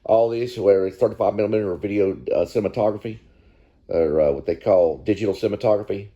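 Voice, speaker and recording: A man's voice: fairly low pitch, fast, mellow, dull audio. A man giving rambling, folksy commentary while watching a film, swearing casually and repeating himself. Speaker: vlogger.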